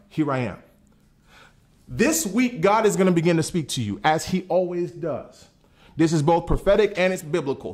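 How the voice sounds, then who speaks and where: A man preaching a sermon in a conversational way, asking his listeners questions and telling them to write things down. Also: on the high side. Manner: animated, conversational, asks the audience questions. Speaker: pastor.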